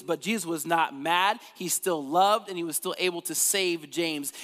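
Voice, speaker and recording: Male pastor, casual energetic sermon, slightly high voice, lively delivery, long reverb of a church hall. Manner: casual, energetic, conversational preaching.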